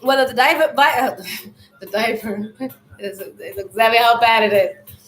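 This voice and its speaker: A woman hosting a live stream, giving a loose, rambling spiritual talk in a loud voice, often clearing an irritated throat and addressing viewers as family. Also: a little high, a little slow, reverberant, rough recording.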